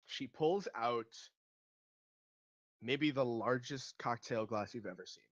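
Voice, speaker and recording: A man's voice: medium pitch, slow. Game master man, slightly muffled. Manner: relaxed, hesitant with many fillers. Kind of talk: narrating a tabletop game.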